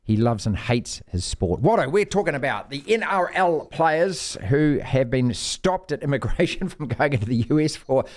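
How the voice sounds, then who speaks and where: A man's voice: a little high, expressive, moderate pace, hardly any pauses, darkish tone. A middle-aged man with a New Zealand accent hosting a sports podcast, blunt and mocking in his opinions. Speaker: podcast host.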